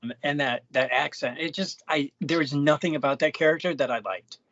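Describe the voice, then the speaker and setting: A man co-hosting a movie podcast, talking casually and haltingly, often repeating words. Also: fairly high pitch, a bit bright, no room sound. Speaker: podcast co-host. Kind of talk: casual movie review chat. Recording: dull lo-fi dry sound.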